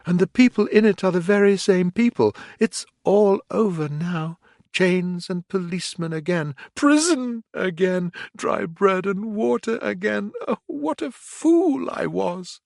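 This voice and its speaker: A man voicing a boastful, excitable male toad in a storybook reading, high and breathless. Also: unhurried, vocal fry, no echo, clean studio sound, exaggerated voice. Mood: panicked.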